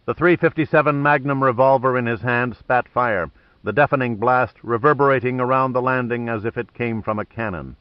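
A man's voice: medium pitch, a little fast, no room sound, lo-fi sound. Male thriller audiobook narrator.

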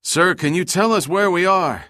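A man's voice: on the high side, expressive, normal speed, a bit bright, no echo, studio quality, pitched above the performer's own voice. A man doing a weary rescued sailor calling out. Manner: raised, calling voice. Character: rescued male seaman, weary but brave, shouting across water.

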